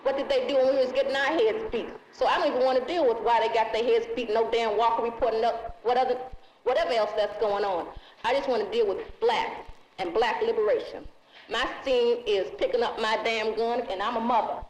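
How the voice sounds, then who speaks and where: Angry, blunt woman activist, higher voice, echoey muffled old film sound. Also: fairly even intonation, brisk, a little mellow. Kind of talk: impassioned street interview. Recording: echoey, muffled 1960s film audio with faint hiss.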